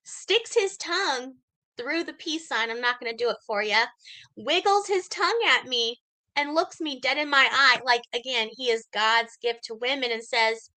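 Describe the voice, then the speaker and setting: A woman telling a story on a live stream, animated and laughing, greeting viewers as she goes. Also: sits high, moderate pace, rough recording. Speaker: livestreamer and mystery shopper. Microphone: computer or phone mic.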